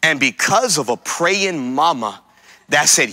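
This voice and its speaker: A man's voice: a little high, lively intonation, a little slow, pushed and bright, dry recording. A male pastor preaching a sermon, telling a personal story and making emphatic declarations to his congregation.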